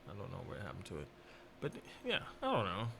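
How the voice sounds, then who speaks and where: A man chatting casually about work, laid-back and quick to laugh, acting out past conversations. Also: low voice, gravelly, background noise. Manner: laid-back, laughs often, animated retellings. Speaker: restaurant worker. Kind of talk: casual chat.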